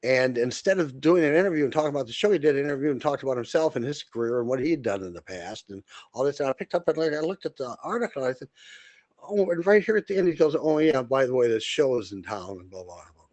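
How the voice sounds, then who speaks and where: A man's voice: medium pitch, expressive, fast, a little mellow, dry recording. A man co-hosting a podcast, talking in a blunt, rambling way with frequent restarts and fillers. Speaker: podcast co-host. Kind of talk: casual monologue.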